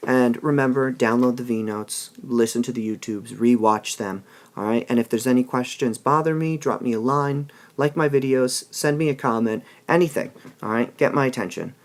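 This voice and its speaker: A man's voice: mid-range voice, moderate pace. A male teacher explaining a play in a recorded lesson, checking in with "all right?" as he goes. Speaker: English teacher.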